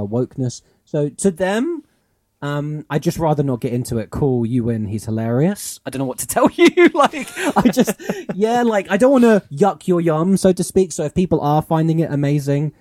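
A man's voice: mid-range voice, mellow, no room sound, clean studio sound. A man co-hosting a podcast in casual chat, rambling and musing with lots of fillers. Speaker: podcast co-host.

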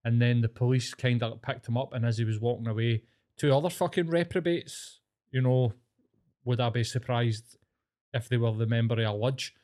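Scottish guy on a podcast, swears constantly, gets worked up, mid-pitched voice. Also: normal speed. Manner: sweary, ranting, animated. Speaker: podcast co-host. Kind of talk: casual chat.

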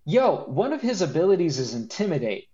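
A man's voice: on the high side, brisk. Guy cohosting a podcast, jokey and rambly, laughs a lot, kinda dull lo-fi sound. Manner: animated, joking, laughs often, rambling restarts. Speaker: podcast co-host. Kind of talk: casual chat.

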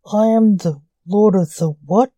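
A man's voice: high voice, measured pace, mellow, no room sound. A woman voicing a famous male stage illusionist who grows defensive and frightened under a caller's threats.

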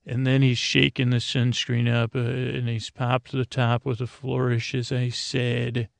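Slow gravelly man meandering through a bedtime story. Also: mid-range voice, completely flat delivery, no echo. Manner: meandering, stumbling, deliberately dull. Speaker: podcast host. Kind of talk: rambling bedtime story narration.

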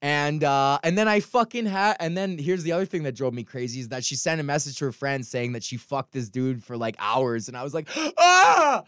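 A young man hosting a podcast, talking frankly in a rambling, profane way with many halting restarts. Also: medium pitch, clean tone, dry recording, clean studio sound. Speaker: podcast host. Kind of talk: casual rambling monologue.

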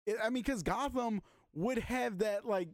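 A man co-hosting a casual podcast chat, animated, swearing and quick to laugh. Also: sits high. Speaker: podcast co-host.

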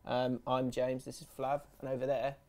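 A man's voice: medium pitch, completely flat delivery, moderate pace, warm tone. A man hosting a casual podcast, chatty and teasing, often mimicking his friends mid-story. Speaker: podcast host. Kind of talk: casual banter.

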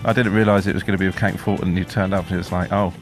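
A man guesting on a chat show, excitable and sweary, laughing as he talks. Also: sits low, very fast, soft background music. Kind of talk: casual chat.

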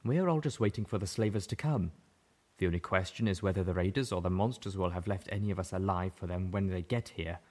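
A man's voice: deep voice, fast talker, darkish tone. A man voicing a starving, fearful zebra mare in an audiobook, her voice cracking and bitter. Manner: pleading, fearful. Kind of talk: audiobook character voice.

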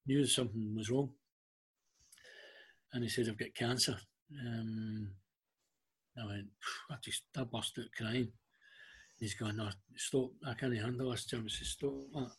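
A Scottish man guest in an interview, telling personal stories haltingly, with frequent ums and restarts. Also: mid-range voice, slightly rough. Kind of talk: emotional storytelling interview.

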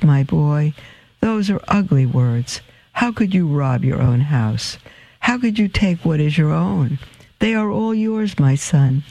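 A tender, doting mother pleads softly in a high, lifted voice, as a man reading a radio story puts her on. Her speech is slow and gentle, with a gravelly edge underneath. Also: full character voice, low-quality recording. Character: loving, tender mother welcoming her lost son.

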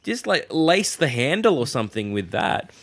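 Male co-host, loose rambling banter, animated pitch. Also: moderate pace, gravelly. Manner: rambling, laughs often, swears. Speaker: podcast co-host. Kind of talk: casual comedy chat.

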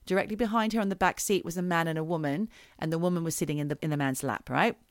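A woman's voice: sits low, quick pace, no echo, clean studio sound. A woman co-hosting a podcast who tells a true crime story in a chatty, dramatic way. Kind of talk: casual storytelling chat.

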